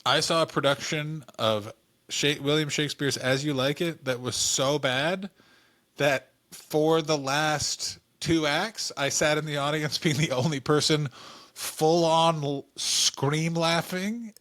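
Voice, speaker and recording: A man from Canada co-hosting a comedy podcast, telling stories in animated, quick asides. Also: on the high side. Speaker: podcast co-host. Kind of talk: casual comedic chat.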